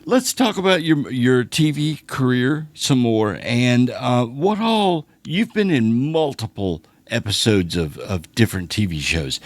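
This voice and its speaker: A man with a Southern US accent hosting an interview, asking relaxed questions and giving short acknowledgements. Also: mid-range voice, dry recording. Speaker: interview host.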